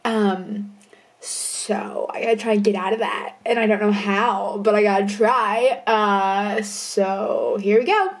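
A woman's voice: mid-range voice, fairly even intonation, slow pace. A young woman vlogging casually about her writing, bubbly and gushing, rambling with fillers and self-deprecating asides. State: out of breath. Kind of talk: casual chatty vlog.

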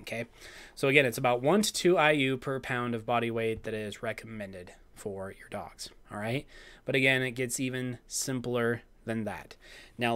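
A man who is slightly hoarse hosts a live show, chatting casually as he reads viewers' comments and keeps asking "okay?". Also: mid-range voice, fairly bright tone. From Utah. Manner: chatty, repeats "okay?" often. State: slightly hoarse, clearing his throat. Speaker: host of a live raw dog-feeding show. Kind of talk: casual livestream talk, reading chat.

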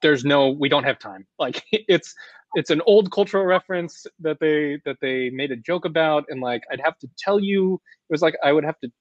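A man's voice: on the high side, normal speed, dry recording, lo-fi sound. A man moderating a conference panel, speaking in a conversational way and often repeating words. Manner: conversational, repeats words, says right a lot.

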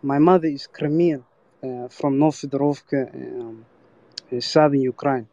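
A man from Eastern Europe calls in to a live chat on a dull, muffled line. He speaks hesitantly and fills his pauses with fillers. His voice sits at a medium pitch and sounds dry. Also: steady tone, mellow, dry recording. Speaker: caller. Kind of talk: casual call-in chat.

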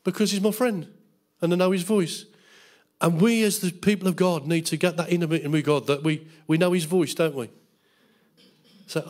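A man's voice: on the high side, steady tone, normal speed, darkish tone. A middle-aged man preaching a Bible school sermon as pastor, fervent, with tag questions and jokes.

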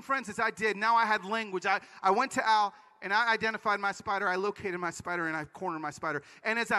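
A man's voice: high voice, pushed and bright. A man giving a sermon-style conference talk, telling stories energetically with playful asides, in a large hall. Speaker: conference speaker. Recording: long reverb of a large hall.

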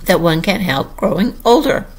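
A woman reading an audiobook and voicing a polite, earnest young girl with a gentle manner. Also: lowish voice, lively intonation, normal speed, slightly rough. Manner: polite, gentle, a little indignant. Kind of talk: audiobook character voice.

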